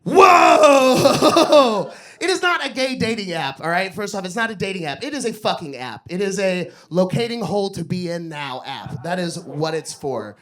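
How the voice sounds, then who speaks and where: A young adult man telling crude, animated stories during a stand-up comedy set on a club stage. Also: sits high, a little fast.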